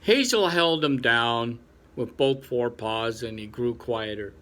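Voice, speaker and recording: A man reading a classic animal story aloud in an unhurried, lively way. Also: mid-range voice. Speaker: reader.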